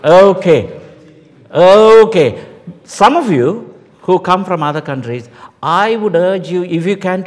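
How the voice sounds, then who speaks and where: Impassioned preacher in his seventies, echoing hall. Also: fairly high pitch. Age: 70s. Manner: impassioned, swinging from loud proclamations to hushed tender lines. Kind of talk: sermon. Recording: long reverb of a large hall.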